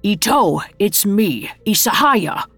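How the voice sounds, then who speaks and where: A woman doing a gruff old bald advisor. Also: medium pitch, sing-song, slow pace, fairly bright tone, no echo, faint music behind, full character voice. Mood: concerned. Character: old bald male advisor, anxious and doubting.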